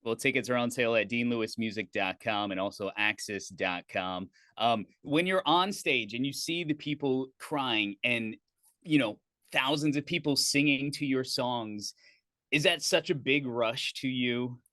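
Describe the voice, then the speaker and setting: A man's voice: medium pitch, unhurried, bright, forceful tone, dry recording, studio quality. A middle-aged man hosting a radio interview, asking chatty, friendly questions and reading tour promos. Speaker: radio host.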